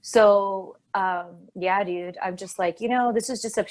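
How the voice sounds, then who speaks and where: A woman's voice: medium pitch, a little slow, darkish tone. A woman co-hosting a casual podcast, chatting in a rambling way and laughing often. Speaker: co-host.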